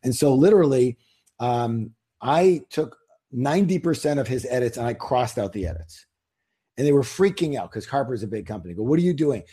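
A man's voice: medium pitch, expressive, a little fast, mellow, slightly rough. A man, an author, talking as an interview guest in a casual, emphatic, salesy way, firing rhetorical questions at listeners.

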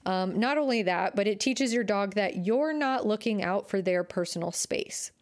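A young woman talks through her dog-walking mishaps in a loose, chatty way, dropping "like" constantly. Her pitch sits in a middle range for a woman. She slips into quick impressions of other people as she tells it. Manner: chatty, frequent "like" fillers, animated quoted voices. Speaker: dog trainer podcast host. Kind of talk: casual storytelling monologue.

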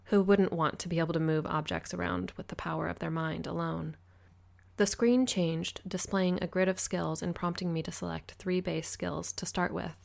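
Low, gravelly woman narrating. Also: flat delivery, moderate pace, a little mellow. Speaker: audiobook narrator. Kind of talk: scripted first-person narration.

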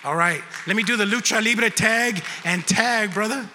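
A male pastor preaching a sermon with slow, emphatic words of encouragement. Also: high voice, pushed and bright. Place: church sanctuary with a congregation. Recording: long church hall reverb, faint noise.

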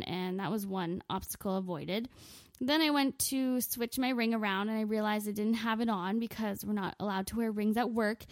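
A young woman in her twenties tells a comic story, swearing freely and mocking herself with dry sarcasm. Her voice sits at an ordinary middle pitch. The recording is dry and close, with no room sound. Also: no room sound. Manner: profane, sarcastic, self-mocking. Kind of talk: comedic storytelling monologue.

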